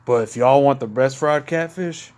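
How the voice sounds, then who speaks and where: Out in his backyard at night, a Mississippi vlogger with a Southern drawl talks casually to his phone camera, slightly buzzed from a couple of beers. His mid-range, darkish voice moves at normal speed, and he rambles easily, addressing everyone as "y'all."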